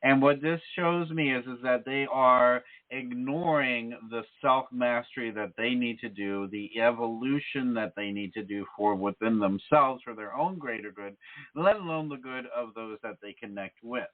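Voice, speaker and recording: Guy hosting a psychic call-in show, calm and measured, keeps saying okay?, tinny phone-line sound. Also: mid-range voice. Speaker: psychic radio show host. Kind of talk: call-in radio reading. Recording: phone-like radio audio.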